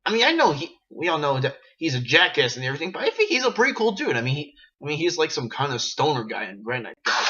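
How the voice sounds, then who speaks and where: A man rambling excitedly while reviewing video games in a casual vlog, in a dull, lo-fi recording. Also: fairly high pitch, fast, hardly any pauses, a little hiss or hum. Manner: rambling, excitable, frequent restarts.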